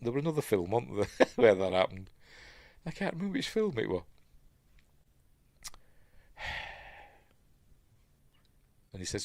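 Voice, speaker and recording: A man's voice: fairly low pitch, dry recording. A middle-aged man with a Yorkshire accent giving casual, chatty commentary on a film he's reviewing, full of asides and self-corrections. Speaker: film reviewer, channel host.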